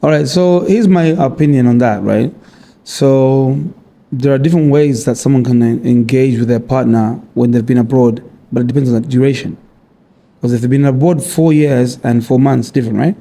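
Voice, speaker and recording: A man's voice: mid-range voice, moderate pace, warm tone. A middle-aged man, a comedian guest joking around in casual podcast banter. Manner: playful, teasing, runs a recurring joke.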